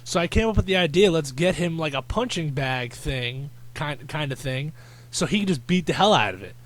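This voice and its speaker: This podcast host has a fairly high, bright voice with lively intonation and a normal speed. He rambles through stories in casual chat, full of fillers, restarts, and crude slang.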